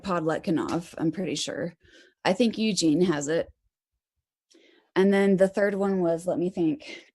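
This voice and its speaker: A woman's voice: on the low side, darkish tone. A woman chatting casually and rambling, swearing freely and laughing as she talks. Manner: rambling, profane, laughs often.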